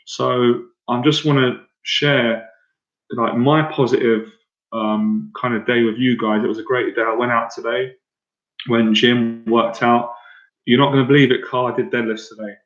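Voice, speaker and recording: Speaking to his livestream audience, this thirty-something man from Ireland works as a confidence coach and keeps things casual. He's excitable and tends to ramble, restarting often and leaning on fillers, at medium pitch and ordinary pace; the audio is lo-fi and dull, with room echo.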